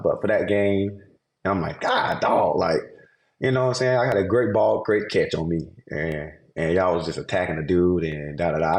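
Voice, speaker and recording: A pro football player talking casually on a podcast, laid-back and rambling with frequent fillers. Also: male voice, deep voice, echoey room. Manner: laid-back, rambling, drops into a softer apologetic tone.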